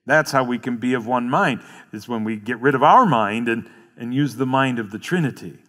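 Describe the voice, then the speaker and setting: A man's voice: medium pitch, moderate pace, sharp tone. A male pastor preaching a sermon, earnestly explaining verses and repeating key phrases. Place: church sanctuary. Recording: long hall reverb.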